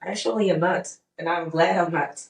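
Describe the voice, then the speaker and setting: A woman's voice: on the low side, brisk, gravelly. A young woman from Charleston, South Carolina, with a Charleston accent, telling stories in casual chat and teasing her partner as podcast co-host. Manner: animated storyteller, teasing, acts out her own reactions. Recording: roomy sound, distant from mic.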